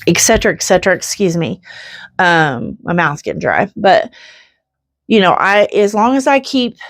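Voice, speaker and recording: Brief: woman, fifties, faith vlogger, heartfelt rambling chat, mid-pitched, dry close sound. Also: dry recording. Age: 50s. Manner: earnest, rambling with restarts.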